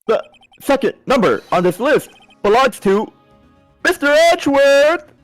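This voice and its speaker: Man playing a high-voiced, excitable cop, stammering, big swoops in pitch, game read-through. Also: unhurried, soft background music, exaggerated voice. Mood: flustered. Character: bumbling loyal male police detective.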